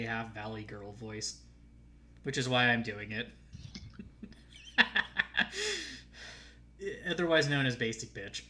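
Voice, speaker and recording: Snarky male co-host, bright tone, laughs a lot, reads chat aloud. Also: on the low side, slow, long pauses. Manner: sarcastic, laughs often, reads comments aloud.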